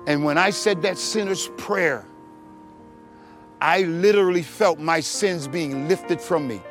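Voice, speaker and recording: High-voiced man telling a church testimony. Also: a little slow, faint music behind. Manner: animated storytelling, acting out voices with big swings in pitch and loudness. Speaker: testimony speaker.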